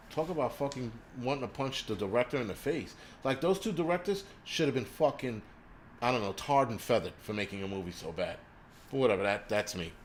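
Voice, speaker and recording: A man's voice: mid-range voice, a little hiss or hum. Profane man ranting on a live stream. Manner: profane, animated ranting with frequent fillers. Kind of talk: casual live stream rant.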